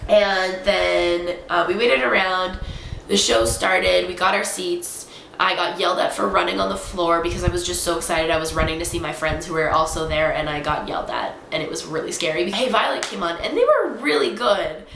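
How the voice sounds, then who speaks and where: A young woman vlogger tells her story in a rush of excited, rambling chatter. Her voice sits a bit low with a gravelly fry. The room around her is echoey, with a faint hum of background noise. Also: moderate pace. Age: young adult. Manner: excitable, rambling fangirl storytelling with many fillers. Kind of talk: casual chatty recap. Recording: roomy echo.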